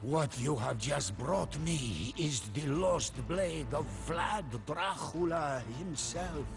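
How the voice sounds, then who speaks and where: A man's voice: fairly high pitch, lively intonation, takes it slowly, creaky, voice pushed up, full character voice. A man voicing a mysterious, courtly older castle host with a Romanian accent, speaking solemnly in a game cutscene. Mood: grave. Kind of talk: dramatic game cutscene narration. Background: orchestral music.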